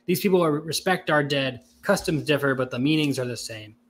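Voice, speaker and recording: A man's voice: mid-range voice, fairly quick, a bit bright, slight background noise, close to an everyday voice. A man reading as a weary guarded military chief.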